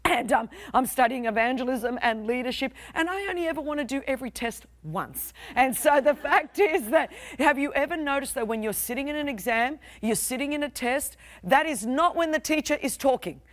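A woman's voice: high voice, lively intonation, fairly quick, hardly any pauses, no room sound. A young adult woman with an Australian accent, preaching a sermon as pastor with a passionate, emphatic, repetitive cadence.

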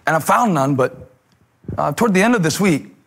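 A male pastor preaching a sermon in a rhythmic cadence, repeating phrases for emphasis and dropping to a hush on key words. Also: on the high side, lively intonation, normal speed, gravelly.

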